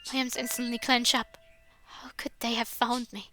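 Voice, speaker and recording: A woman reading a visual novel aloud in expressive first-person narration. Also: fairly high pitch, normal speed, faint music behind.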